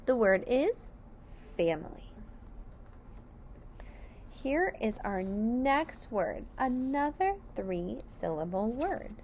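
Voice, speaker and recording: A woman teacher slowly sounding out sight words, syllable by syllable, for young children. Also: a little high, slight background noise. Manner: clear, deliberate sounding out of each letter. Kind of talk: slow phonics lesson.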